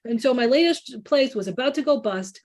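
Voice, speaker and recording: A woman journalist with a Chicago accent giving a relaxed library book talk, telling stories and acting out the people she quotes. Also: high-pitched, fairly quick. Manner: chatty storyteller, acts out quoted people. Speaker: culinary journalist, author. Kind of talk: library book talk over video call.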